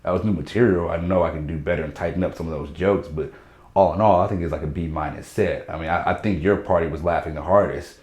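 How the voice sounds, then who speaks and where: A low-pitched man tells a story at a rapid clip, animated and slipping into other people's voices as he quotes them. The sound carries an echoey room around it. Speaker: stand-up comedian, guest. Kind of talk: casual storytelling chat.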